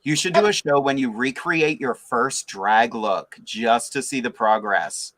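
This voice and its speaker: A man's voice: mid-range voice, a little slow, a bit bright, no room sound, poor audio. A man co-hosting a casual group chat, talking in an enthusiastic, chatty way. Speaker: podcast co-host.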